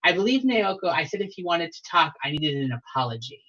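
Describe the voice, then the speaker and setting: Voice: medium pitch, very animated, brisk, fairly bright tone. A game master voicing an indignant sister who speaks through a flower and insists on an apology, in a curt, demanding way. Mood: stern. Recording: slightly dull lo-fi audio.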